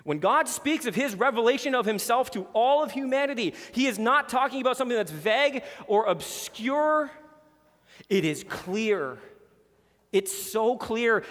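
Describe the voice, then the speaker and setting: Emphatic pastor preaching in a hall. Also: male voice, high-pitched, lively intonation, moderate pace, a bit bright. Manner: emphatic, repeats words for stress. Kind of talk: sermon.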